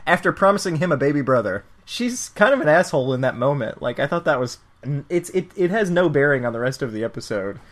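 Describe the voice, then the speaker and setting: A man's voice: a little high, big pitch swings, a little fast. A man co-hosting a podcast, making wry, profane asides while reviewing a TV episode. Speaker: podcast co-host. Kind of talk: casual comedic review chat.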